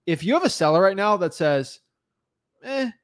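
A man's voice: sits high, big pitch swings, fairly quick. Chatty man explaining deal numbers. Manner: casual and chatty, uses many "like" fillers. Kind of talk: casual coaching talk.

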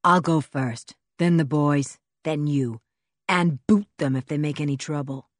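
A woman's voice: low voice, measured pace, no echo, studio quality, pitched below the performer's own voice. A woman doing a mad red-bearded villain. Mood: snarling. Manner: snarling, commanding.

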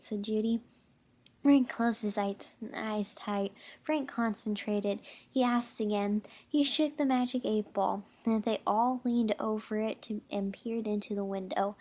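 A woman reading a children's chapter book aloud, halting, with many restarts. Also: medium pitch, steady tone, a little mellow. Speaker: reader.

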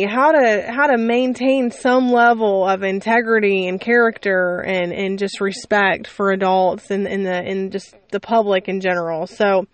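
A woman's voice: a little high, dry recording. A woman in her thirties or forties hosting a podcast, chatting casually in an exasperated way with plenty of fillers and asides. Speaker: podcast host, mother. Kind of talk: casual monologue. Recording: steady vehicle noise behind.

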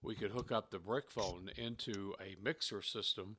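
A man from the Southern United States, a radio host and sports announcer, chatting in a dry, laid-back way that trails off quietly. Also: on the low side, steady tone, moderate pace, crowd noise. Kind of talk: casual chat.

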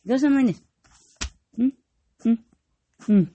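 A woman talking straight to her channel in a loose, meandering storytelling flow. Her voice sits high and swings widely up and down, often tipping into giggles. She curses casually as she goes. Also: huge pitch swings, slow, pauses often, fairly bright tone, a little hiss or hum. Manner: breaks into frequent high giggles, swears freely. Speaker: vlogger.

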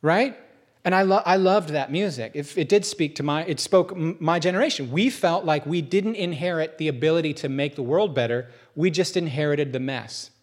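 A middle-aged male pastor delivering a relaxed, conversational sermon with a somewhat high voice. He tells stories animatedly, jumping into acted-out voices. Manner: animated storyteller who acts out voices with big pitch jumps.

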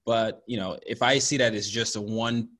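A man's voice: fairly low pitch, steady tone, normal speed, a bit bright. A man from Nigeria, a professional speaker and author, answering interview questions earnestly with examples.

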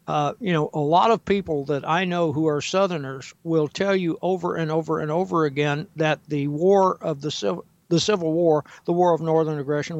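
Guesting on talk radio as a historian, this older man halts often, leans on fillers, and reads quotations with slow care. He has a fairly high voice with vocal fry, and the recording is dry, dull, lo-fi audio.

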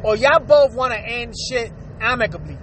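A man's voice: very high-pitched, animated, moderate pace, a bit bright, slight background noise. A man delivering a blunt, profane, preachy rant as a vlogger, asking "all right?" again and again. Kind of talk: ranting advice monologue.

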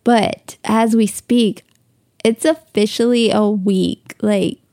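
Young woman podcast host, gushing and tearful, gravelly fry, dry close sound. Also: medium pitch, steady tone, slow, warm tone, no room sound. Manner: gushing, emotional, tearful at times. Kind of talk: casual solo podcast chat. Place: bedroom at home, on the bed.

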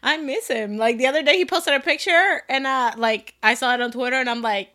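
A woman with a bright, fairly high voice, co-hosting a podcast. She talks casually in slang and laughs often while she chats. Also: fairly quick. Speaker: podcast co-host. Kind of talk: casual chat.

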